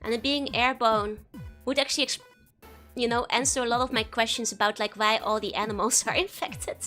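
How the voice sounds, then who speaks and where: A woman's voice: a little high, steady tone, brisk, pushed and bright, soft background music. A woman streamer giggling and chatting as she reads a game text aloud on a casual livestream. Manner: giggly and chatty, laughs often between lines.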